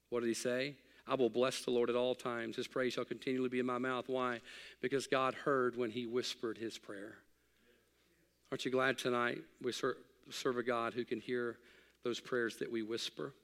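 Middle-aged pastor preaching, gravelly voice, goes from loud and fired up to real quiet, long church-hall echo. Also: male voice, medium pitch, normal speed. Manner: swings between loud excited preaching and hushed quiet reflection. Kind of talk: sermon.

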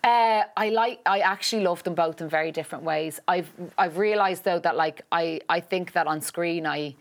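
A young adult woman, an actor, chatting as an interview guest, talking in quick loops with lots of restarts and "like". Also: on the low side. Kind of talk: casual interview chat.

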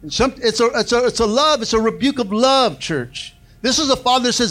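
A man preaching a sermon to his church, calling for amens and swinging from loud, quick bursts to slow, soft passages. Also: very high voice, animated. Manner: preaching with call-and-response, repeated "amen" and "come on". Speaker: pastor.

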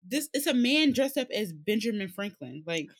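A woman's voice: mid-range voice, moderate pace, slight background noise. A woman co-hosting a podcast, telling stories expressively in casual chat. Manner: expressive, laughing storyteller.

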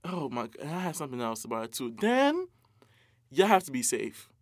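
A man's voice: mid-range voice, moderate pace, dry recording, clean studio sound. A young man, ranting casually and profanely as a podcast co-host, with mocking impressions. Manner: animated, profane, mocking impressions, frequent laughs. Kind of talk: casual rant.

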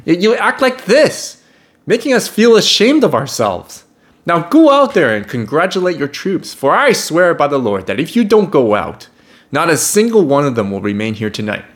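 A man plays a fed-up, blunt military commander as he scolds the king. The voice is forceful and swings widely in pitch. He talks in a pushy, exasperated way. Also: huge pitch swings, moderate pace. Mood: scolding.

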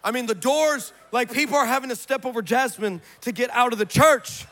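High, bright-voiced preacher man. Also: fairly quick. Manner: dramatic storytelling, swings from shouting to hushed. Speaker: pastor. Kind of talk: sermon. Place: church.

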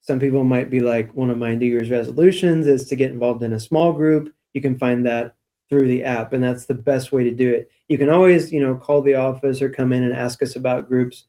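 A man co-hosting a weekly church podcast, with a mellow, darker tone. He talks in an easygoing, chatty way and tells stories with light laughs. His pitch sits in the middle range. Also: fairly even intonation, fairly quick. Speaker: church staff podcast co-host. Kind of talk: casual church podcast chat.

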